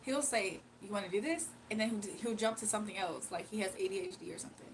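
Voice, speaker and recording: On her livestream, a sleepy, tired young woman casually rambles through a personal story, slangy and confiding. Her medium-pitched voice is animated and fast, and the rough recording carries a little hiss or hum.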